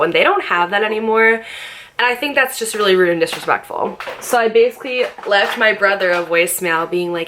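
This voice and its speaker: Bright-voiced young woman telling a story. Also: fairly low pitch. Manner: animated, swears freely, acts out quoted voices. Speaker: storytime vlogger. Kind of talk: casual storytelling.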